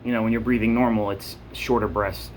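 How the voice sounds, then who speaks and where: A man's voice: on the low side, level tone, brisk, a little hiss or hum. A man vlogging in a blunt, profane rant, getting worked up as he talks. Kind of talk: casual rant to camera.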